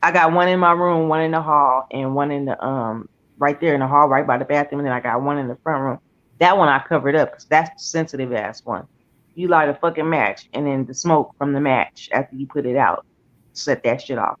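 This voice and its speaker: A woman's voice: sits low, brisk. A woman tells a long story in loose, casual talk, swearing freely and acting out what people said. Her voice comes through dull and lo-fi. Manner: profane, animated retelling with quoted voices.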